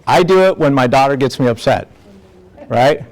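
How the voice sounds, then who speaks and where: A man's voice: mid-range voice, animated, moderate pace, a little mellow. A middle-aged man from the district attorney's office giving a community talk to parents, earnest and conversational, often checking in with "right?".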